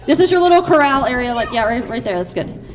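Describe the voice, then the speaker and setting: High-voiced playful woman leading kids. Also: sing-song, a little hiss or hum. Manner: playful, upbeat, quick cheering bursts. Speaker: children's church leader. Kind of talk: directing a children's Bible skit.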